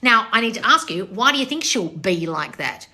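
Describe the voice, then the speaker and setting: Blunt, sweary woman coach with a bright, ringing tone, answering viewers live into her phone. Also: on the high side, big pitch swings, moderate pace. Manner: blunt and sweary, laughing, reading viewer comments aloud. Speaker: manifestation coach. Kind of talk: live-stream Q&A.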